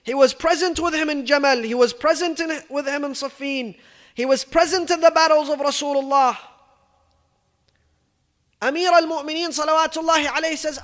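A man's voice: extremely high pitch, fairly even intonation, a little fast, fairly bright tone, big-room sound. A man giving a storytelling sermon, speaking emphatically and peppering his telling with Arabic phrases. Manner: emphatic storyteller, acting out quoted speech, rich in Arabic phrases. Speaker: religious speaker.

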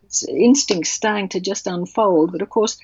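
A woman author telling a personal story in an interview, halting and emotional with many restarts. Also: mid-range voice, darkish tone, slightly rough, no room sound. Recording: dull, dry sound.

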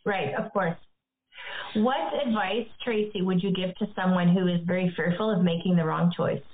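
A woman host asking an interview question in a measured, attentive way. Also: fairly low pitch, fairly even intonation. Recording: phone-like, echoey room.

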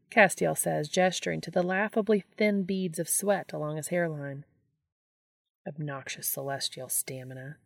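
A woman reading fan fiction aloud as an audiobook narrator, with a steady, even delivery. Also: on the low side, normal speed, dry recording, studio quality. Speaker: podfic reader.

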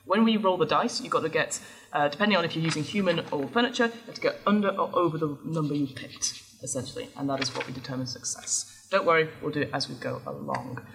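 A woman's voice: deep voice, quick pace, vocal fry, fairly bright tone, slight background noise. A woman running a live tabletop role-playing game before an audience, chatty and explaining the rules as she goes. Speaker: game master.

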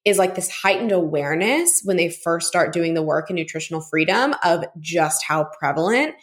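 A woman's voice: on the low side, expressive, moderate pace. A woman from Texas, a registered dietitian, hosting her own podcast in a chatty, conversational way and often checking in with listeners. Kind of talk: casual solo podcast talk.

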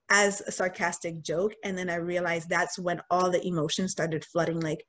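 A young woman telling a personal story in casual talk, candid and animated, acting out what people said. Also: fairly low pitch, moderate pace, few pauses. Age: young adult. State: getting choked up. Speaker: guest sharing a personal story.

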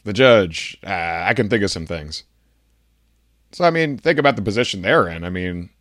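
A man with a somewhat low voice delivers a comedic rant, sarcastic and mock-indignant. The recording is dry, with no room sound. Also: fairly bright tone, dry recording. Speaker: podcast segment guest.

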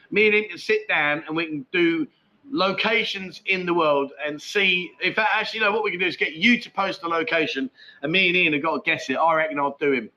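Chatty man, high bright voice. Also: highs cut off. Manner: rambling, chatty, swears freely, laughs often. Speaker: live stream chat show host. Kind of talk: casual chat, reading viewer comments. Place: at home with a dog nearby.

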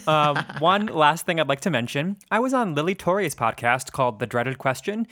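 A man's voice: on the high side, expressive, normal speed, bright, forceful tone, dry recording, studio quality. A man co-hosting a podcast, teasing his co-host in crude, casual banter. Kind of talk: casual chat.

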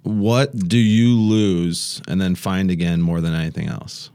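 A man from Nebraska, a podcast guest, talking in a relaxed, self-deprecating way and laughing easily. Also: sits low, a little slow. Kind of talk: casual interview chat.

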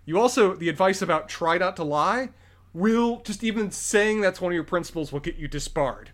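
A man co-hosting a casual film-review podcast, explaining the story in thorough detail. His voice sits a little high, and he speeds through stretches in quick bursts before settling again. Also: animated, fairly bright tone. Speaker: podcast co-host. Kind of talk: casual movie review chat.

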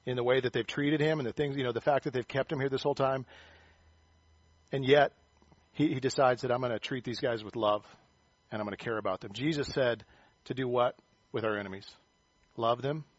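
A man delivers a conversational sermon at a middle pitch, folding scripture reading into friendly asides and corny jokes. The recording is dry and a bit muffled, with no room sound. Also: dry recording. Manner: conversational, animated, self-deprecating humor. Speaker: pastor.

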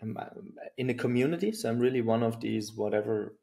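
German guy, middle-aged, gravelly, thoughtful interview talk, lots of ums and restarts. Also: medium pitch, fairly quick, warm tone. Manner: thoughtful, many fillers and restarts. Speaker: guest.

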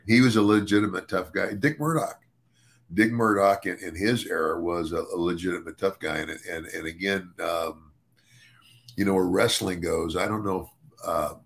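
An older man chats casually on a podcast in a low, gravelly voice. He keeps restarting and repeating words as he talks. The tone stays easygoing and conversational. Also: steady tone, moderate pace. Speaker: podcast co-host and former wrestler.

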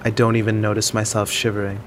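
A man's voice: lowish voice, completely flat delivery, quick pace. A young man narrating an audio drama in the first person, anxious and self-deprecating, with faint music underneath. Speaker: narrator and lead character.

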